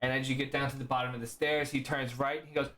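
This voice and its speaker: A man narrating as the game master of a tabletop game. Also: mid-range voice. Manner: slow, lively narration.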